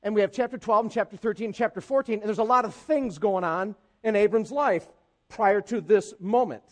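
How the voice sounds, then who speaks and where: A man preaching a lively, conversational sermon in church who acts out scripture characters. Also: high-pitched, fairly quick. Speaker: pastor.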